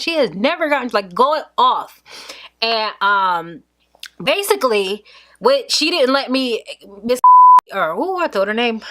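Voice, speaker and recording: A young woman tells a story from her school days in a casual, lively way. Her voice sits a little high, and she jumps in and out of the voices of the people she quotes. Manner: animated, acts out quotes of others. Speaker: vlogger.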